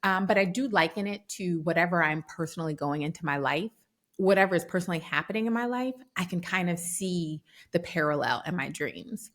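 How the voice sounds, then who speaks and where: Lively woman telling a story, low-pitched. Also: fairly quick. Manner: animated storyteller, acts out quoted dialogue. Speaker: podcast co-host. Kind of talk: casual chat.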